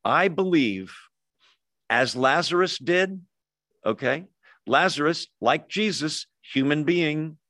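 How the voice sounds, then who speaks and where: A man preaching a sermon as a pastor, swinging between emphatic lines and hushed ones. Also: on the high side, animated, takes it slowly, no room sound.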